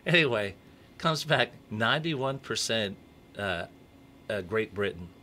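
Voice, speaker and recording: A man co-hosting a local morning radio show, chatting casually and telling a joke with animated delivery. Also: fairly low pitch, unhurried. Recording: radio studio with faint background noise.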